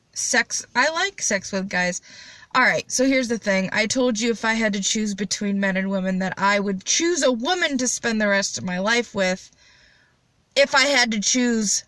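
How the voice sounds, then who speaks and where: A young woman hosting a casual solo chat, high and rambling with blunt, profane jokes. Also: fairly bright tone, no room sound. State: high on cannabis. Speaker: podcast host.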